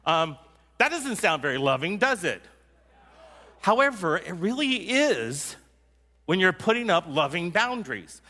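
Bright-voiced male pastor in a reverberant hall. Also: high voice, very animated, unhurried. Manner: conversational, teasing the congregation. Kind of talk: sermon.

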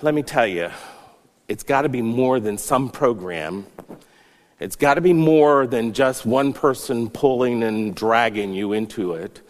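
A man's voice: medium pitch, unhurried, big-room sound. A man preaching a sermon as a pastor, earnest, rising and falling for emphasis.

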